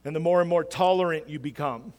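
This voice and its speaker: A man's voice: on the high side, quick pace, a little mellow, big-room sound. A man preaching in a casual, plain-spoken way, teaching through a Bible passage. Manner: casual, plain-spoken, chuckles at his own examples.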